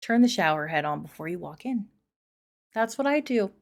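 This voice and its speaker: A woman's voice: medium pitch, very animated, moderate pace, vocal fry. Casual woman swearing through a reading. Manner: swears freely, chatty asides. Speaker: host reading and reacting to online posts. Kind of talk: casual commentary and reading aloud.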